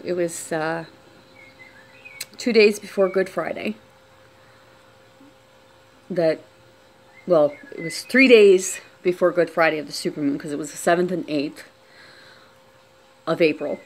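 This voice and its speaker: A woman telling a personal story on camera, unscripted, talking quietly with many restarts and trailing phrases. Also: fairly low pitch, a little slow, creaky, pauses often.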